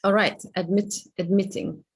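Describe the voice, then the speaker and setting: A woman's voice: mid-range voice, fairly even intonation, moderate pace, slightly rough. A middle-aged woman life coach running a live online coaching session over a video call, chatty and laughing often.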